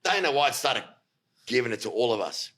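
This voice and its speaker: A man telling a story as a podcast guest, animated, swearing freely and acting out what others said. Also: mid-range voice, fairly quick. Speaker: guest, fight coach.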